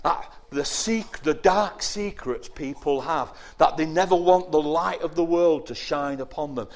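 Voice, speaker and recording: A man giving a lively children's sermon, asking the young listeners questions and acting out whiny voices. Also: on the high side, unhurried. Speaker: preacher giving a children's talk.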